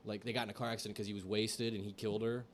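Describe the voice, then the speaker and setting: A man's voice: lowish voice, little pitch movement, very fast. A young man on a podcast, casually telling rambling, profane stories about his old delivery job. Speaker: podcast co-host. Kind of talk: casual storytelling chat.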